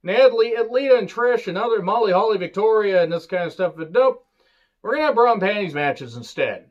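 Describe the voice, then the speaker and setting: A man's voice: on the high side, muffled recording. A man giving a casual, opinionated review, ranting, swearing and joking sarcastically, with sudden bursts of emphasis. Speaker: wrestling reviewer.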